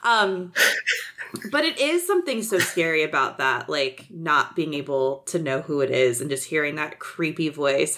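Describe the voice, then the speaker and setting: A young woman co-hosting a casual podcast, her voice sitting a little low for a woman. She talks in a chatty, animated way, laughs easily and drifts into quick asides. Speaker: podcast host. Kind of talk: casual chat.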